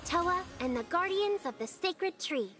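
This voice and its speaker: An actress voicing a hopeful young heroine, speaking softly and earnestly in a game trailer. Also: female voice, very high voice, animated, measured pace, soft background music, full character voice.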